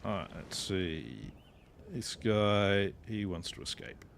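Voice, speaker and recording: A man's voice: low voice, big pitch swings, slow, gravelly, a little hiss or hum. An Australian man giving casual commentary while playing a strategy game, chatting, swearing freely and talking to his units. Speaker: gameplay streamer.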